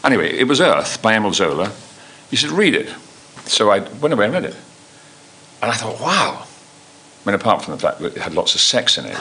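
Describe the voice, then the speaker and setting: An older man telling stories from his life to an audience, halting and full of restarts. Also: fairly low pitch, a bit bright, a little hiss or hum. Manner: halting, full of restarts and ums, acts out quoted voices. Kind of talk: anecdotal storytelling.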